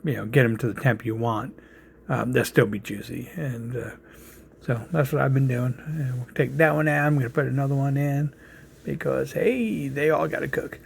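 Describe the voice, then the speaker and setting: Casual cooking-show host, a man with a New York accent and a gravelly, creaky voice, rambling and easygoing. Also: mid-range voice, moderate pace, slight background noise. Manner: rambling, lots of fillers and restarts.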